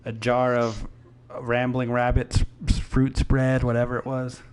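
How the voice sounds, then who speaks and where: A young man hosts a casual podcast late at night, sounding tired. He jokes around easily with his co-host, relaxed and teasing. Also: mid-range voice, a little slow, clear, resonant tone. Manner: joking, laid-back banter. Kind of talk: casual chat.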